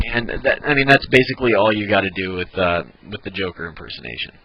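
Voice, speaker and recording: A man's voice: mid-range voice, a little fast, dull audio. A man giving a casual tutorial on doing voice impressions, often restarting mid-sentence as he explains. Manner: demonstrating, frequent restarts. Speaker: voice impressions teacher.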